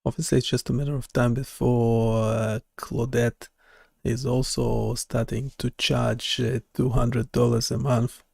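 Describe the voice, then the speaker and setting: A man developer streaming live, talking casually and haltingly as he thinks aloud, with many fillers. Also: medium pitch, flat delivery, gravelly, a little mellow, slightly rough, no echo, studio quality.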